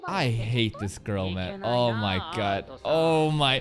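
A man hosting a live anime reaction, heated and profane, yelling at the screen. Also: medium pitch, expressive, slow pace, hardly any pauses. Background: anime episode audio with music.

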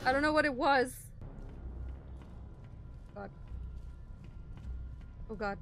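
A woman's voice: high voice, takes it slowly, a bit bright, faint music behind. A woman gaming streamer giving jumpy, easily scared let's play commentary with constant exclamations.

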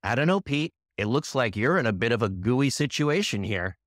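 Wry male co-host, expressive delivery, dry close-mic sound. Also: mid-range voice, moderate pace, no room sound. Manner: teasing, wry. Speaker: podcast co-host. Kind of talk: scripted comedy banter.

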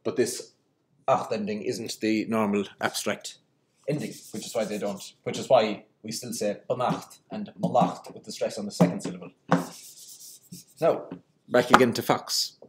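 A man's voice: on the low side, fairly even intonation, normal speed, a little hiss or hum. A man explaining Irish word history in an unscripted lesson, with frequent ums and restarts as he works through each point. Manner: hesitant, many ums and restarts. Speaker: language teacher.

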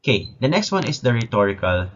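A man's voice: medium pitch, sing-song, fast. A man with a Filipino accent teaching a recorded lesson, explaining step by step and mixing Tagalog into his English. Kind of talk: recorded classroom lecture. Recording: dull lo-fi recording with faint noise.

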